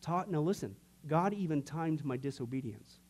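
Male pastor, middle-aged, fairly high voice, teaching class, anecdotal storytelling, fillers and jokes, dramatic swings in loudness. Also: expressive, normal speed. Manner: acts out quoted voices, rising loud and dropping to near whisper. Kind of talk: sermon-style teaching class.

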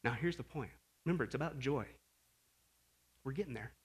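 A male pastor preaching a sermon in an animated way, swinging from loud outbursts to hushed asides. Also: mid-range voice, a little fast, breathy edge. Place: Las Vegas.

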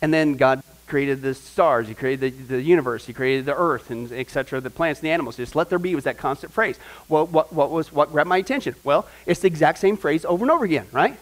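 A middle-aged man teaching a Bible class in an animated way, often asking his students questions. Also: a little high, fast talker, hardly any pauses, rough recording.

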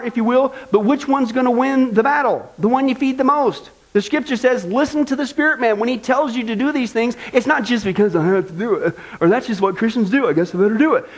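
A male pastor preaching a sermon in a folksy style, driving points home with repetition. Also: very high-pitched.

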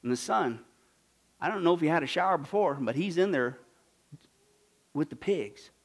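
A preacher from Kansas with a high-pitched voice, delivering a sermon full of drama. He swings from loud, shouted bursts to quiet, hushed asides and acts out the characters in his story. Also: lively intonation, normal speed. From Kansas, USA.

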